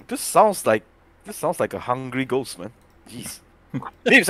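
A man playing a character in a tabletop role-playing game who exclaims and repeats himself when excited. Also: medium pitch, a little slow, pauses often, dry recording. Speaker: player.

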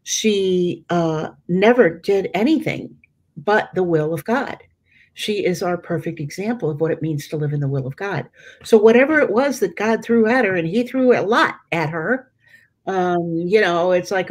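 Lowish-voiced woman teaching faith casually. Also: expressive, normal speed. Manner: conversational, many fillers and restarts, acts out quoted voices. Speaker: Catholic teacher leading a prayer study. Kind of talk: informal religious teaching.

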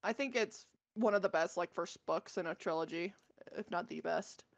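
A woman's voice: fairly low pitch, moderate pace, gravelly, dry recording. A woman co-hosting a podcast, casually retelling a book's plot with many fillers and self-corrections. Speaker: podcast co-host.

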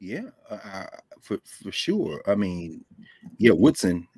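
A man guest on a live video call, telling stories in a casual, animated way, laughing often. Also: sits low, slow, slightly rough, no echo. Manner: animated, loose, laughs often, drops into quoted voices. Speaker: guest scholar. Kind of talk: casual conversational storytelling. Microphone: desk microphone on a video call.

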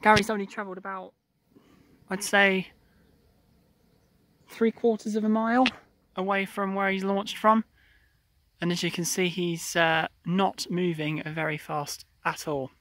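A balloon retrieve driver giving a casual running commentary outdoors, explaining each step with frequent pauses. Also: mid-range voice, steady tone, fairly bright tone, no echo. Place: outdoors in a field and by a car.

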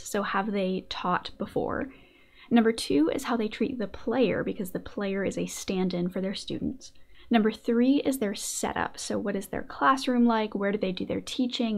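A woman's voice: medium pitch, vocal fry. A woman hosting her own video, a writing teacher giving scripted, casual commentary with playful joking asides. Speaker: video essayist and host.

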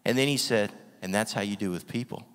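A man's voice: on the low side, fairly quick. Man, sermon, emphatic, rhetorical questions, church hall reverb. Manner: energetic, emphatic, laughs often, rhetorical questions. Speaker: guest preacher.

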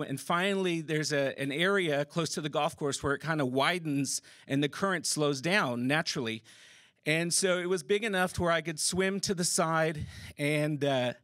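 A man recounts a personal story before a theater audience. His voice sits high, and his telling is casual and animated, salted with swearing and bursts of laughter. The sound is close and dry. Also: no echo. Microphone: stage microphone.

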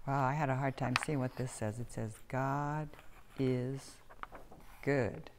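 A woman storyteller gently reading a children's picture book aloud. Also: extremely low pitch, background noise. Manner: gentle, slow, expressive reading.

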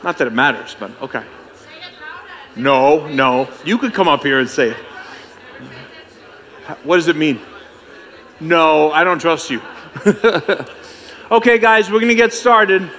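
A man's voice: on the high side, measured pace, long pauses, a bit bright, some chatter behind. A man emceeing a conference, bantering and joking with the audience in a playful, teasing way. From United States. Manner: playful, teasing, self-mocking.

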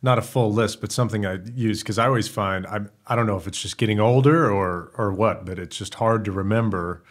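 A man's voice: lowish voice, a little fast. A man co-hosting a podcast, chatty and rambling, often correcting himself mid-sentence. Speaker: podcast co-host. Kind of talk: casual podcast chat.

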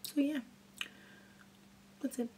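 A woman's voice: slow pace, warm tone, a little hiss or hum. A young woman chatting casually and goofily while doing a makeup tutorial. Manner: goofy, chatty and rambling. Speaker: beauty vlogger.

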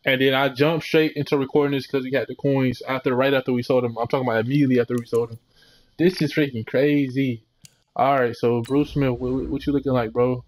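A young man giving casual, slangy commentary while opening packs in a video game, relaxed but breaking into excited outbursts. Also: mid-range voice, fast talker. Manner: laid-back slangy chatter, sudden excited outbursts. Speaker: gaming channel host.

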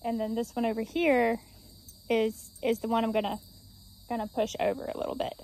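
High-voiced woman chatting while gardening. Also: level tone, moderate pace, creaky, darkish tone, low-quality recording. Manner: chatty, explains each step while digging. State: out of breath at times. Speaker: gardening vlogger. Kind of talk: casual talk to camera while working. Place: outdoor backyard garden.

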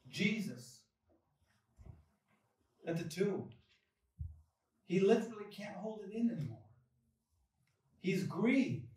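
A man preaching in a church sanctuary, his voice sitting high and delivered at an unhurried, deliberate pace. He leans on long pauses and sudden swells of emphasis. The sound is heavily echoey, picked up from well back in the hall. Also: far from the mic. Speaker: pastor. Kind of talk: sermon.

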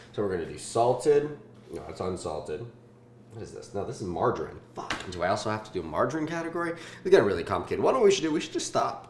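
A man in his twenties from Southern California hosting a casual food-tasting vlog, joking and swearing in deadpan asides. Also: lowish voice, roomy sound, a little hiss or hum. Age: 20s.

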